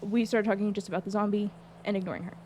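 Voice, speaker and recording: A woman telling a story in casual chat, animated and exasperated, swearing often. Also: medium pitch, fast talker, a little hiss or hum. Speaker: streamer recounting a roleplay.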